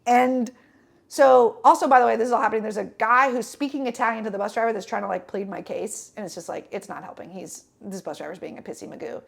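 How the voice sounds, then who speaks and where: A woman's voice: on the high side, fast, gravelly. A young woman telling a rambling travel story on a casual podcast, with lots of fillers and restarts. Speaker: podcast co-host.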